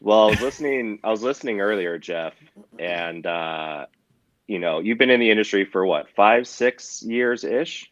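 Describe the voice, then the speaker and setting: A man's voice: fairly low pitch, animated, moderate pace, a bit bright, dry recording, dull audio. A man with a cold and a nasal, congested voice, chatting casually as a podcast guest over a remote line. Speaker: podcast guest, drone company employee. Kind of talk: casual conversation.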